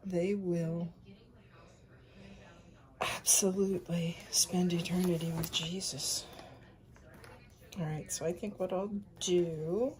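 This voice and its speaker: A woman in her fifties telling a personal faith testimony, soft-spoken and often sinking into a breathy whisper. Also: on the low side, fairly even intonation, slow, pauses often. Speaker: speaker sharing a faith testimony.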